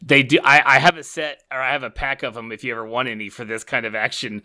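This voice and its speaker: Bright-voiced man laughing along on a podcast. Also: mid-range voice, level tone. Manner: laughs often, quick supportive replies. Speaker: podcast co-host. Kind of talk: casual chat.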